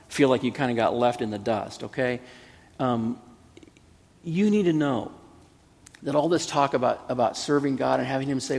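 A man in his fifties, a pastor preaching a sermon in an earnest, pleading way that builds to emphatic peaks, with a gravelly, husky voice. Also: medium pitch, darkish tone, in a large hall.

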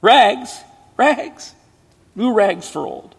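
A tall, strong ragman with quiet authority and deep compassion, as a storyteller puts him on. His voice has a gravelly grain. It carries a long reverb, as if read aloud in a large hall. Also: normal speed. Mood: calling out.

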